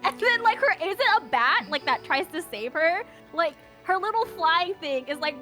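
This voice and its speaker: Bubbly high-voiced young woman. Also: expressive, normal speed, few pauses, sharp tone, soft background music. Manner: bubbly, many fillers, acts out characters' lines. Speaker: podcast co-host. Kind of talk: casual book recap chat.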